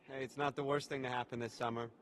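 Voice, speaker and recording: A man's voice: mid-range voice, level tone, fast talker, lightly acted. An actor playing a young man camp counselor who is embarrassed and guarded in a game cutscene. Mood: subdued.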